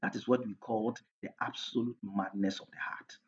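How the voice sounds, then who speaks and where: Husky Ghanaian preacher, lo-fi sound. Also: male voice, on the low side, steady tone, moderate pace. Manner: emphatic preaching, switching between English and Twi, loudness rising and falling. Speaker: pastor. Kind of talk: sermon. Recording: dull lo-fi recording.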